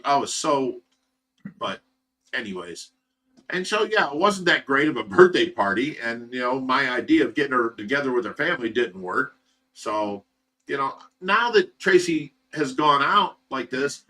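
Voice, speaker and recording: A man's voice: medium pitch, sharp tone. A man in his thirties from Ohio, hosting a livestream and telling a long personal story in a rambling way, full of fillers, restarts and repeated phrases. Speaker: livestream host. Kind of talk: casual storytelling to viewers. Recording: voice some distance from the mic.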